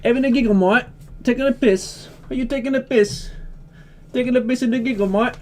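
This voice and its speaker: A man's voice: extremely high pitch, brisk, darkish tone, a little hiss or hum, pitched above the performer's own voice. A man doing a mocking put-on British-Australian bloke voice, teasing and sing-song. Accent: British-Australian hybrid (put on).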